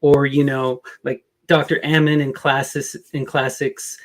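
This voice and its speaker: A man's voice: mid-range voice, little pitch movement, measured pace. Musing man hosting a podcast. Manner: musing, with lots of "you know" and "like". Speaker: podcast host. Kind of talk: casual podcast conversation.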